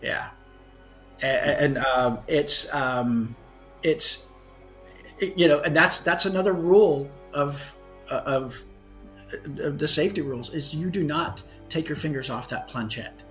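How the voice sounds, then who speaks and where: A man's voice: fairly high pitch, measured pace, fairly bright tone, soft background music. A man, a guest author on a podcast, telling a story earnestly and often correcting himself mid-sentence. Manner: earnest anecdote telling with frequent self-corrections.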